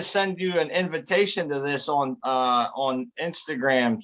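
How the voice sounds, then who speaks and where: A man hosts a relaxed live stream, rambling easily through stories and chuckling as he goes. His voice sits at an ordinary middle pitch. The audio is dull and lo-fi. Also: moderate pace, hardly any pauses. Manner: laid-back, rambling, laughs at his own stories. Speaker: host. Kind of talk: casual livestream chat.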